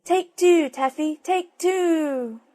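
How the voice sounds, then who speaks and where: A woman voicing a silly turtle dove in a storybook, repeating its cry in a high singsong. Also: very slow, dark tone, full character voice. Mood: insistent.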